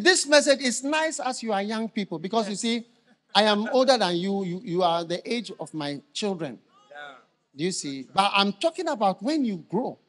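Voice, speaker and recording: An older man preaching a live sermon in a large church, asking the congregation questions for them to answer and bursting into shouted emphasis. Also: sits high. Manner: call-and-response questions to the congregation. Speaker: bishop preaching.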